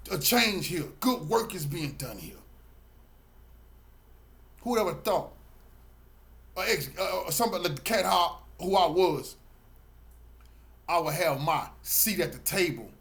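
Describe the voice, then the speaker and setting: A middle-aged man speaks straight to his viewers in a preachy, emphatic flow. His voice sits a little high for a man, and he stacks up repeated words when he's fired up. It's a loose, heartfelt monologue to camera. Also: lively intonation, unhurried, vocal fry, long pauses, a bit bright. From Texas, Galveston County. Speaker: channel host and community activist.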